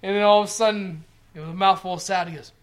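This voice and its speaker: A man's voice: high-pitched, steady tone, racing. A man in his thirties, co-hosting a podcast, tells rambling, profane stories and acts out the quotes. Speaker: podcast co-host. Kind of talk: casual podcast chat.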